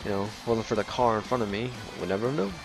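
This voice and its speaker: Rambling low-voiced male gamer. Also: fast talker, vocal fry, over music, low-quality recording. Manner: rambling, swears often, frequent laughs and fillers. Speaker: let's play commentator. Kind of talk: casual gaming commentary.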